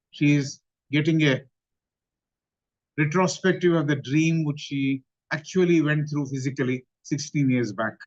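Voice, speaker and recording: A man with an Indian English accent gives a study-class talk, in a measured way that recaps and repeats points. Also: a little high. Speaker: lecturer on theosophy. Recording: dull lo-fi recording.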